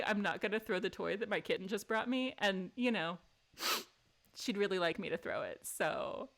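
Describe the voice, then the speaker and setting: A woman's voice: a little high, fairly bright tone. A woman streaming from home, reading a story game aloud with chatty, giggly, sarcastic asides. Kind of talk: live game playthrough with commentary. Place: home room.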